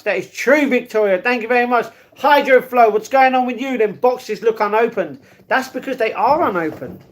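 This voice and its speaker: A man's voice: very high-pitched, normal speed, hardly any pauses. A young man on a live stream, chatting casually with viewers and reading their comments aloud, calling them darling and mate.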